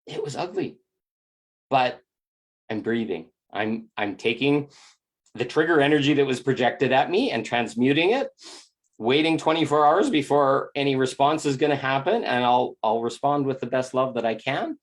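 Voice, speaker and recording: A man talks through letting go in a reflective spiritual monologue at a mid pitch. He is blunt and candid and swears freely. He often restarts and repeats words as he thinks. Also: expressive, normal speed. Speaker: self-help speaker.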